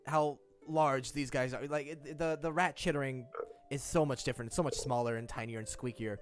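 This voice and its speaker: A man's voice: mid-range voice, a little fast. Guy running a tabletop game, laid-back descriptions, bit of music faint behind. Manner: relaxed, loose descriptions with fillers. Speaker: game master.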